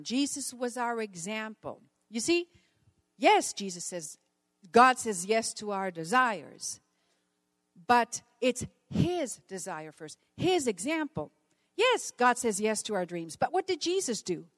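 A woman's voice: medium pitch, animated, a little slow, dry recording. A woman born in the Netherlands preaching a sermon, telling stories earnestly and asking her listeners questions.

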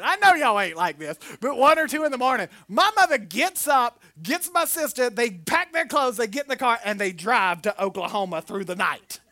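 A woman preaching a sermon, telling personal stories in an animated way and jumping into acted quotes. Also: fairly high pitch, no room sound.

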